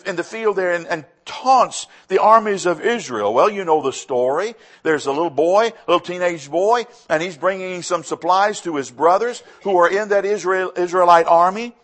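A man preaching a sermon as pastor, swinging between loud emphatic lines and hushed, quiet ones. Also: sits high.

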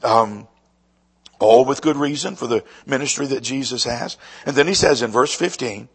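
A man preaching a sermon with a raspy voice, moving between quiet, slow emphasis and loud, lively passages. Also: medium pitch. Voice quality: husky. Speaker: pastor.

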